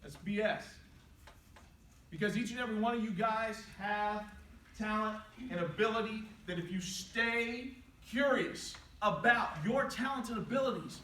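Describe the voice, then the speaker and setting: A middle-aged man giving a playful, animated inspirational talk to students in a large hall, telling stories and acting out quotes. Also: high-pitched, a little slow, slight background noise. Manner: playful, animated storytelling with jokes and acted-out quotes. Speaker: motivational speaker. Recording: echoey hall, voice from a distance.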